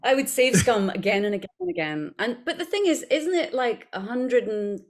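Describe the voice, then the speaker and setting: A woman with a Scottish accent, a voice actor chatting as an interview guest, self-deprecating and quick to laugh, with halting restarts. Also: a little high, expressive. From Scotland. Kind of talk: casual interview chat.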